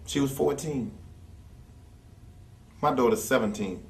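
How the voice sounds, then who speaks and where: A man's voice: mid-range voice, a little slow, gravelly. A man telling stories in a blunt, profane rant as an interview guest, acting out the people he quotes. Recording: echoey room, distant from mic.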